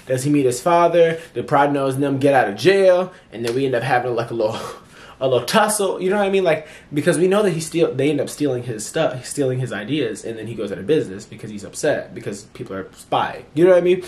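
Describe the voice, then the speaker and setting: With a mid-range voice, a man talks through a film in a chatty vlog review, lively and full of restarts and fillers, performing characters' dialogue in playful voices.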